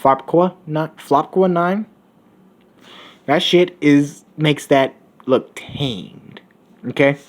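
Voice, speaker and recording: A man's voice: a little high, extremely slow, pitched above the performer's own voice. A man voicing a brash, cynical young male hero in a Rick-like manner, rambling and crude, recorded on a phone. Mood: ranting. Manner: crude, rambling, coughs between lines.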